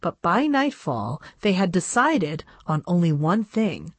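Woman reader for a radio reading service; expressive storybook delivery with a lively, varied tone. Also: on the low side, unhurried, husky, no room sound. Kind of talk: reading a children's book aloud.

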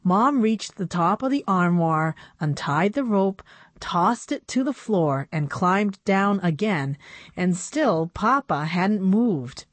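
Slow, expressive woman storyteller. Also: medium pitch, no echo. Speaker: narrator. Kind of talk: storybook reading.

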